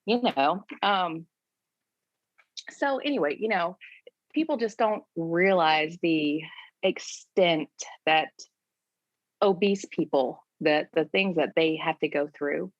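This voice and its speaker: Woman in her forties from Florida, low-pitched, candid interview guest; dry, lo-fi recording. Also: slow, no echo. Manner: candid, conversational, quotes herself in lively voices. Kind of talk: casual interview storytelling. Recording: dull lo-fi sound, dry.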